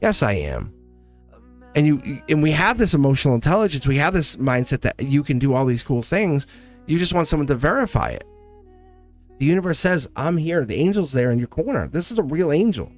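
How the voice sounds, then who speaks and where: A man doing a live tarot reading, talking straight to the viewer with warm encouragement and lots of repetition. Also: a little high, lively intonation, brisk, faint music behind. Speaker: tarot reader.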